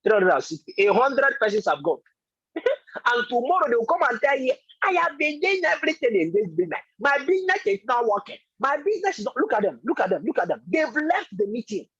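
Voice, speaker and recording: A man's voice: extremely high pitch, breathy edge, no room sound, highs cut off. A man giving an emphatic, repetitive motivational talk as a business coach in an online meeting.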